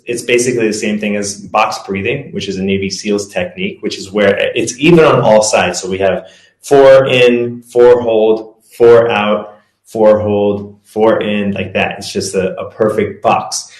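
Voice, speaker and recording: A man's voice: on the low side, fairly even intonation, a little slow, a little mellow. A man giving a casual presentation as a performance coach, talking loosely with self-corrections and leading breathing exercises. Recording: echoey room.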